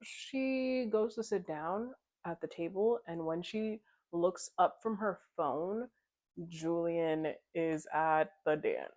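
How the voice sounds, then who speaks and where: A woman's voice: on the low side, slow pace, a little mellow. A woman casually recapping a novel in a chatty, giggly way, slipping into the characters' lines as she retells the plot. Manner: chatty retelling, slips into quoted dialogue. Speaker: book club vlogger.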